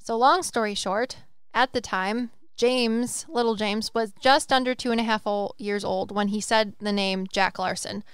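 Chatty excitable woman podcast host, super clear voice, dry close sound, rambles a lot. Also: medium pitch, unhurried, dry recording. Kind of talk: casual chat.

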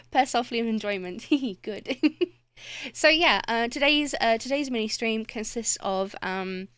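A woman's voice: fairly high pitch, animated, normal speed, no echo. Chatty, sweary woman streamer. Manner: rambling, easily distracted, swears freely; laughs often, greets chat warmly. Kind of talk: casual live-stream chat.

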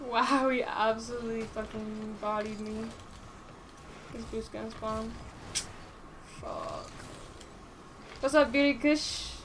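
A woman's voice: on the high side, big pitch swings, slow, long pauses, noisy background. A woman streaming a game live, chatting casually, swearing freely and answering her chat aloud.

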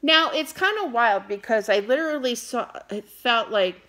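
Middle-aged woman tarot reader, higher voice, swings up and down a lot, gets worked up and teases. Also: moderate pace. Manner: animated, gets wound up and scolds playfully. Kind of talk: casual tarot reading to camera.

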